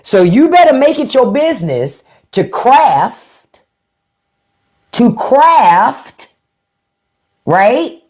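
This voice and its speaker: A woman's voice: a little high, sing-song, very slow, pauses often, a little mellow. Middle-aged woman on a livestream, blunt and mocking, voice swings all over. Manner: blunt and taunting. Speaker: livestream host. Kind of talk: casual livestream talk.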